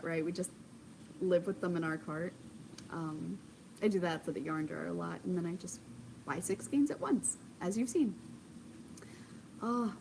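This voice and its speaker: A young woman hosting a knitting video podcast at home, chatting casually, gushing with excitement and filling pauses with ums. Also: mid-range voice, background noise. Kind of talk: casual chat. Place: home craft corner, indoors.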